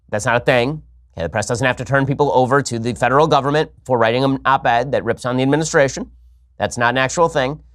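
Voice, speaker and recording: A man hosting a political commentary show, talking in a rapid, sarcastic, argumentative way. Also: medium pitch. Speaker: host.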